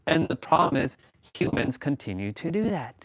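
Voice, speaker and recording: A man hosting a casual chat talks in loose, rambling runs packed with restarts and fillers. His middle-pitched voice is very animated and a bit bright, at a moderate pace. The recording is dry and close, with no room sound.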